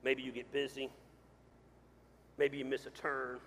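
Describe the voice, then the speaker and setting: A man preaching a sermon as pastor, swinging from loud to quiet. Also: mid-range voice, monotone, unhurried, a little hiss or hum. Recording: hall reverb.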